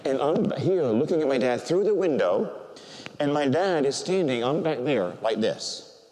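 An older man, a Catholic priest, preaching a sermon and telling a personal story with animated, emotional delivery that softens when he is moved. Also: on the high side, measured pace. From United States. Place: large church. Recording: church hall reverb.

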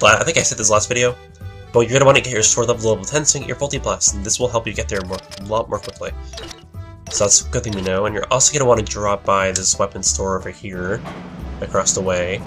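Low-voiced young man mumbling gameplay commentary. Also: fairly bright tone. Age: young adult. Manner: mumbling, rambling with self-corrections. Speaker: let's play commentator.

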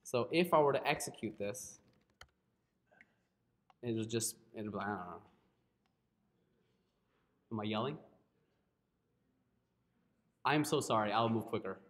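Male coding teacher, live class, unhurried delivery, keeps checking in with the room. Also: fairly low pitch, lively intonation. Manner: keeps checking in with "right?" and apologizes a lot. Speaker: coding instructor.

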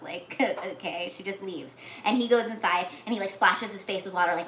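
A woman casually retelling a movie plot, talking with lots of "like"s and acting out the characters' lines in whispers and shouts. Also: mid-range voice, fairly quick. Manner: animated, many "like"s, acts out lines in whispers and shouts. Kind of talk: casual chat. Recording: echoey room with faint noise.

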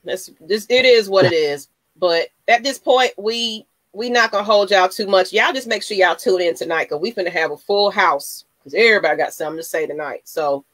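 A man's voice: high voice, a bit bright, dry recording. A man hosting a fan sports show, laid-back and reassuring, with casual slang.

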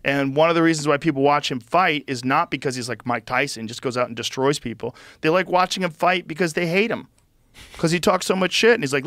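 A man hosting a podcast, talking in an emphatic, punchy way and swearing freely. His voice sits a little higher than most men's. The sound is dry and close, with no room echo. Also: fairly quick. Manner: emphatic, swears freely, acts out quotes loudly. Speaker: podcast host. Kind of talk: casual podcast chat.

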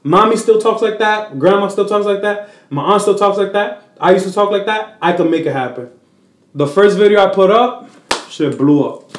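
A Dominican comedian speaks at normal speed, his voice sitting high in a roomy-sounding recording. He's an interview guest chatting casually, and his storytelling is animated, full of put-on voices and shifts between English and Spanish.

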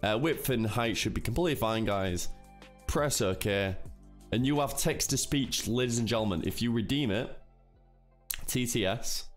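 A man's voice: medium pitch, normal speed, faint music behind. A man streamer casually explaining a tutorial step by step, chatty and full of fillers, often calling his viewers "guys". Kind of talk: casual screen-recorded tutorial.

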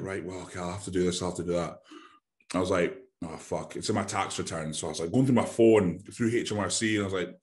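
A podcast co-host from Glasgow, Scotland, speaks with a Glaswegian accent in a fairly low voice. He rambles through a story in casual chat, swearing freely and imitating the voices of the people in it.

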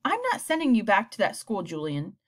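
A woman's voice: medium pitch, sing-song. A woman reading a firm, stern father. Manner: firm, measured. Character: stern middle-aged father, firm and calm. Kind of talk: audiobook character voice.

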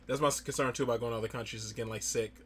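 A man chatting casually while reacting to a show, quick to laugh. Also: mid-range voice, steady tone, heavy background noise. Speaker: reaction video host.

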